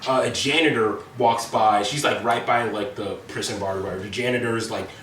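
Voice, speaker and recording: A man's voice: fairly low pitch, fairly even intonation, normal speed, fairly bright tone, a little hiss or hum. A young man casually recapping a story to friends, rambling with lots of fillers and swearing. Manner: rambling, filler-heavy, profane. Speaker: presenter. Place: indoor room with friends. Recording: echoey room mic from a distance.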